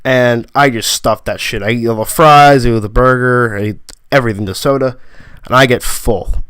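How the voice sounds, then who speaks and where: A young man tells a long rambling story, full of fillers and asides. His voice is smooth and clear, recorded close and dry with no room sound. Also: mid-range voice, fairly bright tone, no echo. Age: young adult. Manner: rambling, lots of fillers and 'like'; quotes friends in quick bursts. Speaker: vlogger. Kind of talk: casual storytelling.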